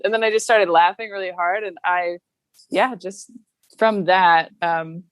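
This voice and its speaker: A woman comedian, appearing as a podcast guest, chats casually in a fairly low voice at a slightly slow pace. She tells stories in an animated way and laughs often, and the recording is dry.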